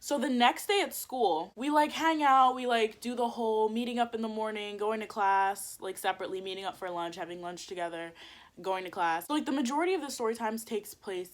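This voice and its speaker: A young woman telling a story on her vlog in casual chat, animated, saying "like" a lot and swearing freely. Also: on the high side, brisk. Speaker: vlogger.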